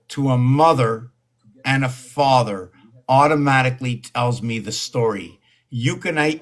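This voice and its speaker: A man talking to his own video, meandering and thinking aloud with many ums and pauses. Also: mid-range voice. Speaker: video host. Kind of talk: rambling solo video talk.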